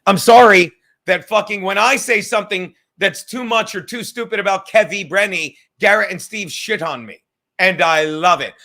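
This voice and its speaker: A man's voice: sits high, moderate pace, bright, forceful tone. A man hosting a live stream, ranting and swearing while he reads out chat messages and says he is drunk right now. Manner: profane, ranting, sarcastic, addresses chatters by name. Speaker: podcast host reading live chat. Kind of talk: rambling profane live-stream talk.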